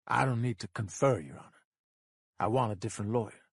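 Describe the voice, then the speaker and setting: A man voicing a calm, defiant male defendant who insists quietly and flatly. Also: fairly low pitch, a little fast, gravelly, breathy edge, no echo, clean studio sound.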